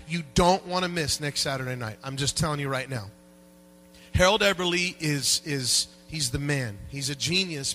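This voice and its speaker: Animated preacher with a bright voice. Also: male voice, medium pitch, low-quality recording. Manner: animated, swings from quiet asides to loud shouted peaks; conversational and joking with the congregation. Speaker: pastor. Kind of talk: sermon. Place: church sanctuary.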